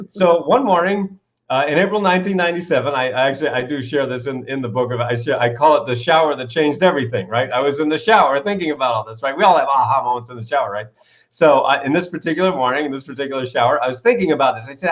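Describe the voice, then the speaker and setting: An enthusiastic man being interviewed, with a slightly high voice. He tells animated stories and asks rhetorical questions. The audio is dull and lo-fi, like a call recording. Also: quick pace. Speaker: author and coach, interview guest.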